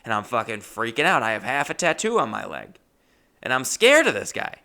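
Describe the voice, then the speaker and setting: A man's voice: mid-range voice, very animated, fairly quick, vocal fry, bright, forceful tone. A young man, a comedian, telling a rambling, self-mocking story that rises to frantic bursts. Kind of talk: comic storytelling.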